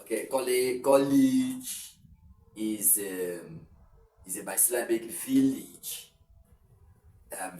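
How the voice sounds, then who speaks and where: A man with a Nigerian English accent gives an online pronunciation lesson, repeating each word slowly and stretching it out. His voice sits a little back from the mic in an echoey room, with faint hiss underneath. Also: lowish voice, recorded from a distance. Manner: explains slowly, repeats words and drawls them out. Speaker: English teacher.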